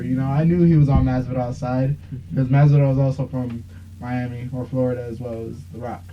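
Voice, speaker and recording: A man's voice: medium pitch, little pitch movement, a little fast, background noise. A young man hosting a podcast, telling a long, rambling story in casual chat with plenty of swearing. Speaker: podcast host. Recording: dull lo-fi sound.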